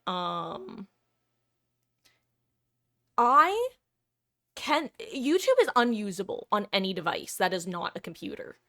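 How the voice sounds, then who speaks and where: A woman's voice: medium pitch, big pitch swings, takes it slowly, long pauses, sharp tone. A woman streamer chatting casually with her viewers, rambling and correcting herself as she goes.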